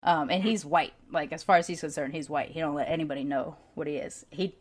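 A woman hosting a casual podcast interview, candid and animated, swearing freely and laughing often as she tells stories. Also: low-pitched, fast. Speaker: podcast host.

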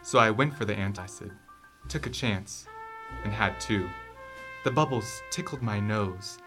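A man voicing a world-weary male noir detective narrating in a deadpan, hard-boiled way. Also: on the low side, unhurried, lightly acted. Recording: distant voice over brass and guitar.

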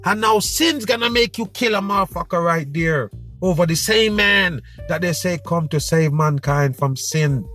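A man hosting his own show, telling a story in an animated, preachy way with street slang. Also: a little high, moderate pace, soft background music. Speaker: podcast host. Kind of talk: casual monologue.

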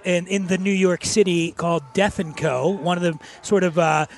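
A man's voice: sits high, fairly even intonation, slight background noise. A man hosting a casual interview show at an outdoor festival, bantering and joking with his guests. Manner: jokey, quick banter. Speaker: show host.

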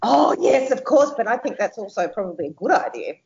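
A middle-aged woman, animated and exclamatory in a casual chat. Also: fairly high pitch, brisk, gravelly. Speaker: podcast co-host. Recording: dull lo-fi sound.

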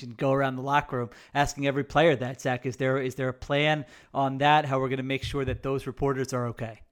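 Male podcast co-host, mid pitch, wry self-deprecating humor. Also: flat delivery, a little fast, few pauses. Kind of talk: casual sports podcast chat.

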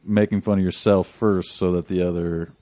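A man in a casual podcast chat, relaxed and hesitant. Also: low voice, moderate pace, no room sound.

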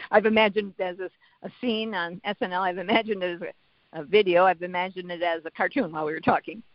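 A podcast guest talking in a soft-spoken, reflective, hesitant way, with many pauses and fillers, on a dull, dry recording. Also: medium pitch, steady tone, no room sound. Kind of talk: casual conversation.

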